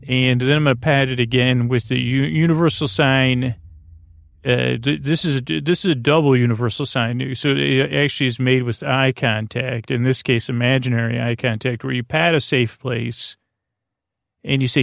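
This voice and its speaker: A man hosting a sleep podcast, talking in a meandering way with lots of fillers and restarts, with a creaky voice. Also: medium pitch, fairly even intonation, normal speed, dry recording, soft background music. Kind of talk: rambling bedtime monologue.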